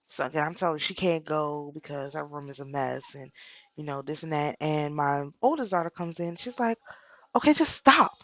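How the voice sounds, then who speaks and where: A woman's voice: sits low, no room sound, highs cut off. A middle-aged woman talking casually about spiritual practice, telling a personal story with repeated phrases. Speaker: spiritual channel host.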